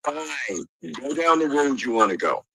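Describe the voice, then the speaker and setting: A man's voice: mid-range voice, animated, a little slow, sharp tone, low-quality recording. A man arguing furiously on a livestream call, cursing and repeating insults over and over. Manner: angry, profane, repeats insults. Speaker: livestream participant. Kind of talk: heated livestream argument. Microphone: streaming call mic.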